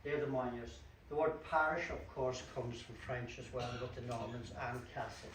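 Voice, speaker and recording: A man's voice: medium pitch, fairly even intonation, moderate pace, fairly bright tone. A man with a Donegal Irish accent giving a chatty talk on local place names at a community event. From Donegal, Ireland. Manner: chatty, explanatory, with dry asides. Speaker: guest speaker at a local history talk. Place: community hall at a book launch. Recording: echoey hall, distant mic, faint room noise.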